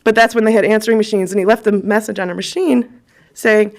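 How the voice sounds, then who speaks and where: A woman's voice: medium pitch, steady tone, fast talker. A woman in her forties giving a eulogy, telling personal stories in a chatty way with frequent ums. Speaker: eulogist at a funeral.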